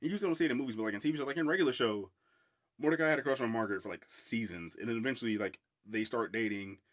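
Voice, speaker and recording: A man's voice: medium pitch, rapid-fire. A man talking through a film in a loose, rambling solo podcast, breaking into laughter again and again. He swears freely and keeps circling back on his own points. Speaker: podcast host. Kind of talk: casual solo film review.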